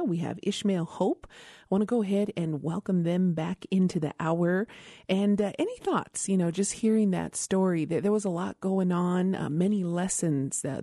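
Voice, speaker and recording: A woman hosting a radio talk show, speaking in a relaxed way with frequent filler sounds as she introduces guests. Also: fairly low pitch, no room sound, studio quality. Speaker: radio host.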